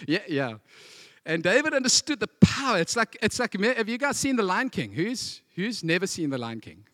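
Male pastor, high-pitched, dry close sound, animated sermon delivery. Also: moderate pace, no echo. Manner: animated, acts out scenes with voices.

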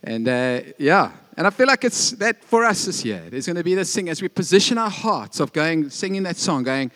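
A middle-aged man pastor giving a conversational sermon, joking about family and often pausing with fillers and restarts. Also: on the high side, expressive, fairly bright tone.

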